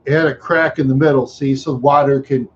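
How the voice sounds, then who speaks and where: A man's voice: medium pitch, fairly even intonation, fairly quick, a little hiss or hum. Rambling middle-aged man from Minneapolis. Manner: rambling, chuckling, with sound effects. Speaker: live streamer. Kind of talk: rambling storytelling. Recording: dull lo-fi recording.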